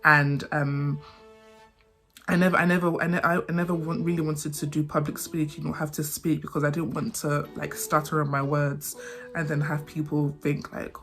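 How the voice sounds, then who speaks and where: Fast-talking young woman sharing her story. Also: deep voice, level tone, fairly bright tone. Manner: fast talker who repeats and trips over words. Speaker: vlogger. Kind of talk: personal storytelling to camera. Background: faint background music.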